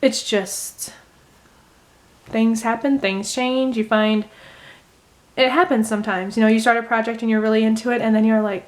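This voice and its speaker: A woman chatting casually in a how-to craft video, rambling gently and thinking aloud with many fillers. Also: on the high side, fairly even intonation, moderate pace. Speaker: crochet vlogger. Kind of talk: casual how-to chat while unraveling knitting.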